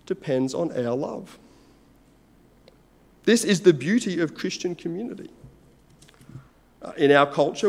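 An earnest man delivers a sermon at a measured pace with deliberate pauses. His voice sits a little high for a man. A long reverb trails each phrase, as in a large hall. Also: a little mellow. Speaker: preacher.

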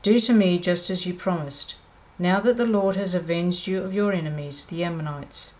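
Brief: reader giving a young daughter's solemn plea, plain mid voice, steady scripture reading. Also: medium pitch, moderate pace, natural voice, low-quality recording. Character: young woman pleading with her father. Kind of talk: Bible reading.

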